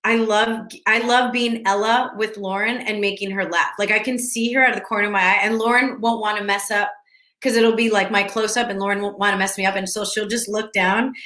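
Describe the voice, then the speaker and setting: A woman's voice: medium pitch, steady tone, a little fast, bright, forceful tone. A woman chatting casually with fans on a video call from home, rambling and often restarting her sentences. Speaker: actress answering fan questions. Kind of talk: casual virtual Q&A. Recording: echoey room.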